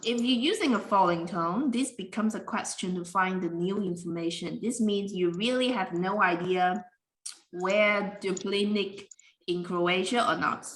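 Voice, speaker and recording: A woman's voice: medium pitch, a little slow. A woman teaching an English lesson, explaining patiently in slightly non-standard grammar. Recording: echoey room with faint noise.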